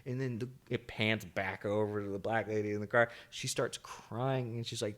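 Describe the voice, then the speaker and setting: A man with a low voice co-hosts a podcast in casual conversation. He tells stories with energy and acts out the voices of the people in them. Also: normal speed, few pauses. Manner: animated storyteller, acts out quotes. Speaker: podcast co-host. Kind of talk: casual chat.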